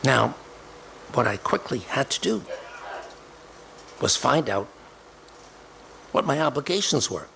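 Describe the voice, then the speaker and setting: A man's voice: mid-range voice, very animated, takes it slowly, vocal fry, pauses often, pushed and bright, slight background noise. An older man telling a personal story emphatically, acting out the dialogue he quotes.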